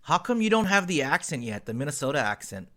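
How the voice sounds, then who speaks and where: Man, podcast host, teasing and joking, bright tone, slightly high voice. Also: very animated, fast. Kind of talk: casual chat.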